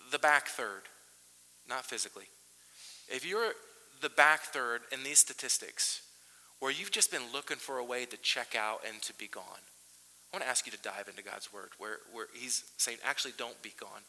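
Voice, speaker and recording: A pastor in his thirties preaches in a large church, telling stories with plenty of restarts. His voice is very bright and cutting, and it rings out with the long reverb of the hall. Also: medium pitch. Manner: animated storytelling with frequent restarts. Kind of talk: sermon.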